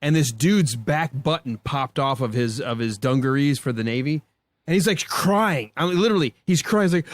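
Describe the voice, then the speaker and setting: A man who hosts a podcast, telling a boot camp story in casual chat with a profane, animated manner. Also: a little high, normal speed, no room sound. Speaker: podcast host.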